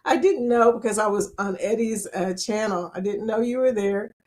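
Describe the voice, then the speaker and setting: Older lady doing a live chat, reads comments out loud, teases folks, laughs a bunch. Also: medium pitch, moderate pace. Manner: chatty, teasing, laughs often. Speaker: live stream host. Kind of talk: casual live chat, reading viewer comments.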